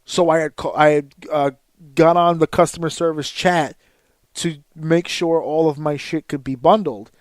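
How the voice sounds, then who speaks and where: Brief: man, higher-pitched host, dry close sound, cursing, exasperated storytelling rant. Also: no room sound. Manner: profane, exasperated, loud outbursts. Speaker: podcast host.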